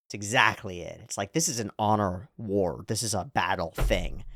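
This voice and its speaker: A man's voice: on the low side, normal speed, hardly any pauses, a bit bright, dry recording, clean studio sound. A man giving casual, enthusiastic anime reaction commentary, chuckling often as he talks.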